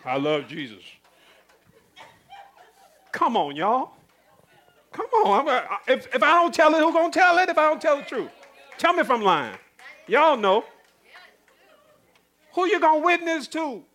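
A male preacher delivering a sermon, firing rhetorical questions at the congregation, chuckling and swinging between loud and hushed. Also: extremely high pitch, sing-song, moderate pace, long pauses.

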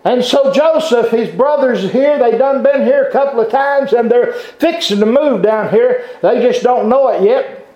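A man preaching a sermon, fervent, with halting restarts and bursts of shouting. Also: extremely high pitch. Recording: echoey room, dull lo-fi sound.

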